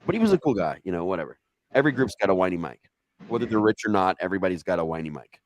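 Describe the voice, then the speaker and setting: Racing along in a deep voice, with a little hiss or hum in the background, this Ohio man is a guest spinning a casual anecdote. He curses freely and gets animated, performing each line of dialogue he quotes.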